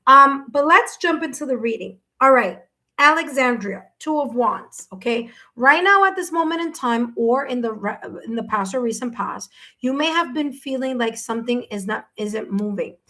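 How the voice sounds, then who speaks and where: A woman doing a live tarot reading for viewers, her voice sitting a little on the high side. She talks in a gentle, reassuring way and keeps checking in with the listener as she goes. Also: lively intonation, moderate pace. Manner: gentle, reassuring, says "okay?" and "my dear" often. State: hiccups. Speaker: tarot reader.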